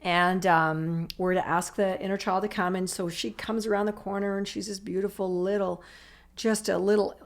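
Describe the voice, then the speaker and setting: A woman's voice: medium pitch, fairly even intonation, moderate pace. A woman telling her own recovery story in conversation, speaking in emotional, run-on sentences full of "I'm like" asides. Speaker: author and recovery guest.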